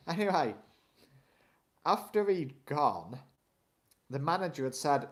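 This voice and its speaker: A man's voice: mid-range voice, expressive, normal speed. A man, co-hosting a live stream and telling a rambling anecdote with frequent chuckles. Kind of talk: casual storytelling chat.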